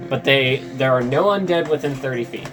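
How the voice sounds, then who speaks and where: A man's voice: mid-range voice, fairly quick, over music. A man narrating and refereeing a tabletop game in a loose, casual way, with many fillers. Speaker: game master.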